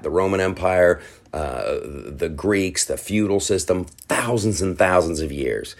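A man hosting a podcast, talking in a rambling, animated solo monologue with frequent restarts and quick mimicked quotes. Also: sits low. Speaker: podcast host.

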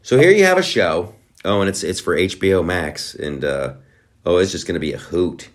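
A man's voice: sits low, lively intonation, normal speed. A middle-aged man hosting a podcast, talking in a sarcastic, rambling way with many restarts. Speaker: podcast host. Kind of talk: casual monologue.

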